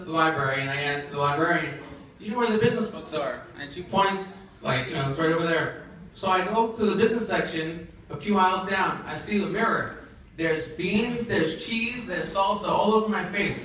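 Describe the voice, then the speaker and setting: A young man doing a stand-up comedy set, telling stories in a rambling, halting way full of fillers, with an audience laughing. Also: high-pitched, sharp tone. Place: comedy event in a shared office space. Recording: echoey room from far off, audience laughter.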